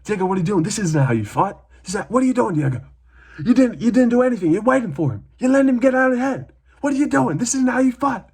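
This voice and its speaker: An Australian man putting on a shrill frantic corner coach. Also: lively intonation, breathy edge, exaggerated voice. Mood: frantic scolding. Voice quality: shrill, yelling, rushed. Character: frantic male fight corner coach yelling.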